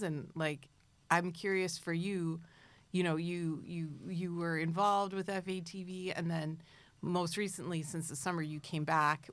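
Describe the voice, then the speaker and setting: A woman's voice: lowish voice, no room sound. A woman working as a community media director, talking in an earnest, enthusiastic way in a small studio. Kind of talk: casual chat.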